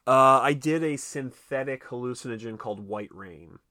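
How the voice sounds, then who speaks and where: A man's voice: mid-range voice, normal speed, pushed and bright, dry recording, studio quality. A man co-hosting a casual film podcast, chatty and profane, laughing often and acting out movie lines. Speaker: podcast co-host. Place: home, recorded late at night.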